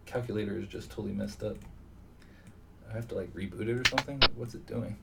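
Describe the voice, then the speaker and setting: Male poker streamer, low gravelly voice, muttering live commentary; distant mic, noisy room. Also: fast. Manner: mutters to himself, thinking aloud. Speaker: online poker player. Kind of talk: live commentary on his own poker session. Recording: distant mic with steady background noise.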